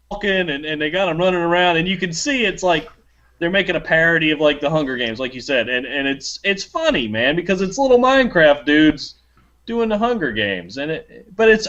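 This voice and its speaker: A man's voice: on the high side, fairly bright tone. A man co-hosting a casual gaming podcast, swearing freely and laughing often. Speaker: podcast co-host. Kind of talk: casual chat. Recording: dull lo-fi podcast audio.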